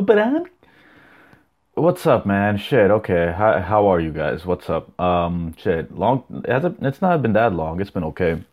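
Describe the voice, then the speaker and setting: A young man with a deep, darkish voice hosts his own solo podcast, chatting loosely, rambling, reacting to clips, and swearing a lot.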